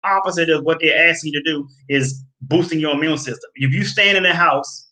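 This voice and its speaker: A man's voice: a little high, a little fast, pushed and bright, low-quality recording. A man hosting a health video, lecturing his viewers in a preachy, emphatic way, repeating key phrases and calling them folks. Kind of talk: preachy direct-to-camera talk.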